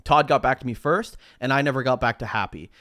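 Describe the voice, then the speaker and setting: A man co-hosting a podcast tells a story in a relaxed, animated way, swearing freely and acting out other people's lines. His voice is smooth and resonant, recorded dry and close. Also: mid-range voice, fast talker, no room sound. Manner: animated anecdote-telling, swearing, acting out quoted dialogue. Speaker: podcast co-host.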